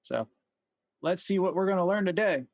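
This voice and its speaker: A man's voice: sits high, animated, normal speed, no room sound. A man hosting a reaction video, chatting casually with rambling jokes and unsure asides.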